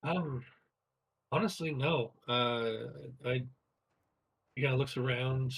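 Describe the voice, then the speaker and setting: A man narrates a tabletop game as its game master. His voice is bright and forward, with a husky edge. He talks hesitantly, pausing and searching for his words. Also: mid-range voice, rough recording.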